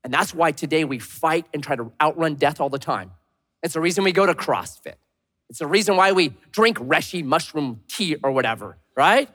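Animated preacher in a big hall. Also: male voice, fairly high pitch. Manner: animated, swings between loud punchy lines and hushed slow emphasis. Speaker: pastor. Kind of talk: sermon. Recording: long reverb of a large hall.

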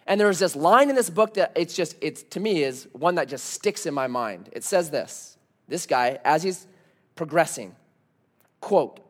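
A male pastor delivers a sermon with a high voice that swings widely in pitch. He talks to the congregation conversationally, telling stories and throwing out rhetorical questions. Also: lively intonation, unhurried.

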